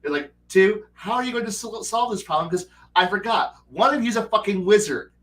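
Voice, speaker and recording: A man hosting a casual livestream, telling profane, animated stories about running a tabletop game. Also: high-pitched, a little fast, far from the mic, rough recording. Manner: animated, profane storytelling with acted player quotes. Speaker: stream host and game master.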